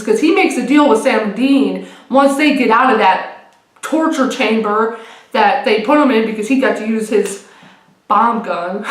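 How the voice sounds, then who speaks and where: A young woman recaps a TV finale in a casual, rambling way, swearing and restarting as she goes. Her voice sits somewhat high, and the room around her is echoey. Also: a bit bright. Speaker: vlogger. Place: room at home.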